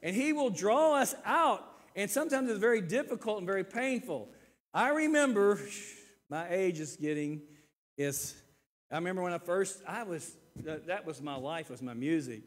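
High-voiced preacher in a reverberant church. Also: male voice, expressive, normal speed. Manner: earnest, repeats words, swings between loud emphasis and quiet asides. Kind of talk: sermon.

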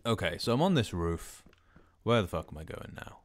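A man's voice: lowish voice, expressive, moderate pace. Sweary man narrating gameplay. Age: middle-aged. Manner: sweary, jokey, talks to himself. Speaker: let's play host. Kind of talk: casual gameplay commentary. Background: background game music.

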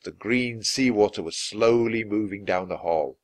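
A man reading a children's book aloud, clear and expressive, at an easy pace for learners. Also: fairly low pitch, a little slow, no room sound. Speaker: storybook reader.

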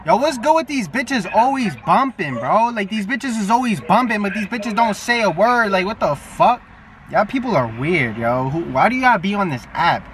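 Young new guy on a phone video chat, brash and cussing a lot, kinda high voice, sounds far from the mic. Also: animated, moderate pace, fairly bright tone. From New York. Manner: brash, profane, teasing. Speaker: YouTuber. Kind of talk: casual video chat with strangers. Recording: distant phone mic, faint background noise.

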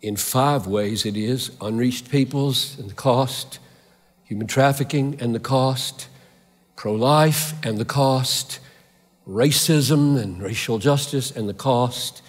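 A man's voice: medium pitch, slow. A man preaching a sermon with fervor, driving his points home through repeated rhetorical questions. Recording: long hall reverb.

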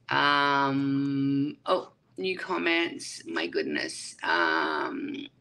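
A woman's voice: a bass voice, lively intonation, very slow, sharp tone. An Australian woman hosting a casual livestream, chatting and greeting viewers by name with pet names. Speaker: livestream host. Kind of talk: casual livestream chat reading viewer comments.

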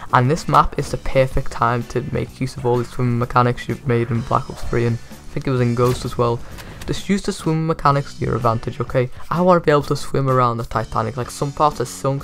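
A man's voice: mid-range voice, steady tone, fast, gravelly, few pauses, soft background music. A young man giving jokey, rambling commentary on a video game reveal as a gaming YouTuber.

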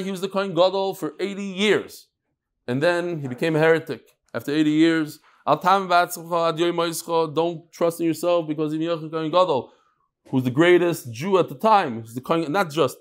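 A man teaches a daily Talmud class with a slightly raised pitch, working through ideas out loud. He throws questions at his listeners and keeps the pace moving. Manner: animated, thinks aloud and asks the room questions. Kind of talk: daily Talmud class before a live audience.

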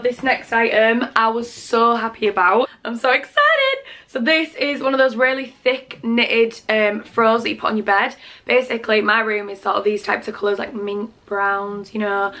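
A young British woman excitedly chatting through her presents in a casual vlog. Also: a little high. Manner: gushing, chatty, full of fillers. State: out of breath. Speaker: vlogger. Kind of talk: casual gift haul vlog.

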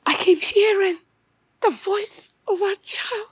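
An actress with a Nigerian accent playing a grief-stricken mother of a missing daughter, speaking in a tearful, halting, whispery way. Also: very high-pitched, low-quality recording. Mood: despairing. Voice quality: breathy, whispery. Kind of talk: film drama acting.

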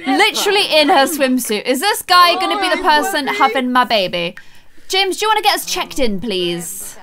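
A young Irish woman giving excited let's-play commentary, gasping and squealing often as she plays. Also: high voice, normal speed, a crowd in the background. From Ireland. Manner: excitable, frequent gasps and squeals. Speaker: gaming YouTuber.

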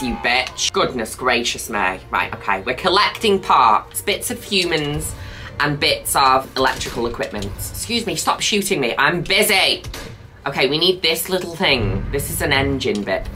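A woman playing through a video game and talking over it the whole way. Her voice is bright and forceful, and her pitch leaps around wildly as she shrieks at the action, then drops to dry little asides, with game music playing faintly underneath. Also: very animated, unhurried. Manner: campy and exclamatory, swings from squeals to low asides. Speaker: gaming video host. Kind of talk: let's-play commentary.

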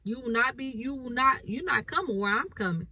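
A woman's voice: a little high, lively intonation, fairly quick, sharp tone, rough recording. A woman preacher, reading scripture and explaining it with emphatic repetition. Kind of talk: bible reading and sermon.

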